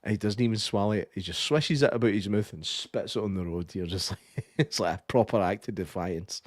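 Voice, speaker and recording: A Scottish man with a lowish voice co-hosts a casual film podcast. He swears freely and acts out the lines he loves, in a dry, close recording with no room sound. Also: a little fast, no echo. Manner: animated, sweary storytelling with quoted lines. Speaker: podcast co-host. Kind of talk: casual film review chat.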